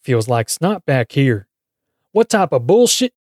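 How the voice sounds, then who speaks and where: A menacing male thug who taunts his victim in a sing-song lilt, greedy and cruel, played by a man. His voice is dark and mellow, set in a dry, close audio drama. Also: mid-range voice, sing-song, measured pace, no room sound. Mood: disgusted.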